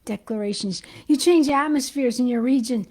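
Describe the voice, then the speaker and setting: A woman giving an informal Christian teaching, talking excitedly and chatting to her viewers while she hunts for her notes. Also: high-pitched, normal speed, rough recording. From United States.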